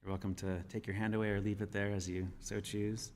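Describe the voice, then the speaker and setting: A man giving a sermon as minister, speaking in a measured, gentle storytelling manner. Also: on the low side, level tone. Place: church sanctuary. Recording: reverberant church hall.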